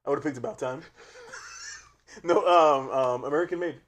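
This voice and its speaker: Guy cohost messing around during trivia, bit high voice, jokey. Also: normal speed, fairly bright tone. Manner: playful, joking, laughs while talking. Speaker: podcast co-host. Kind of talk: casual chat, trivia player.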